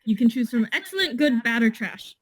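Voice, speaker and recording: A woman's voice: a little high, animated, fairly quick, slightly rough. A woman co-hosting a casual podcast over a video call, playful and teasing. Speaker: podcast co-host. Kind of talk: casual chat.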